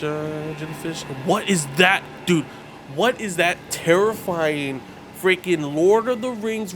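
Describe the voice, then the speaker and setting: A man giving casual live commentary while streaming a game, talking to his chat in an excitable, rambling, slangy way. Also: fairly high pitch, noisy background. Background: game music.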